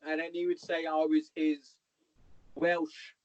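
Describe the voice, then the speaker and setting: A man's voice: on the high side, completely flat delivery, slow pace, dry recording. A man, a podcast guest rambling through army anecdotes in casual chat, swearing a lot and calling the listener "mate". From Hereford, England. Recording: dull lo-fi podcast audio.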